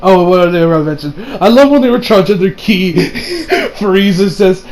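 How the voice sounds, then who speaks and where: A young man casually reviewing an anime episode, excitable and profane, laughing often. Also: high voice, a little slow.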